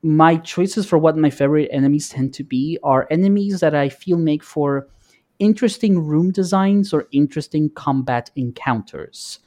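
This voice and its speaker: Male podcast co-host, a touch higher-pitched, calm and methodical when explaining. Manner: measured and explanatory. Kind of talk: casual chat.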